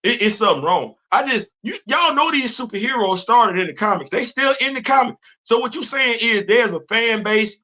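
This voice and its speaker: A man's voice: very high voice, expressive, moderate pace, hardly any pauses, sharp tone. A man hosting his own show, ranting in casual, emphatic, slangy commentary. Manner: emphatic, exasperated, loose slangy talk. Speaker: podcast host.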